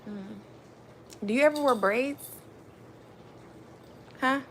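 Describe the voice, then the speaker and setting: A woman's voice: fairly high pitch, slow pace, a little hiss or hum. A woman, hosting a casual live stream and chatting directly to her viewers. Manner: chatty, addresses viewers as y'all.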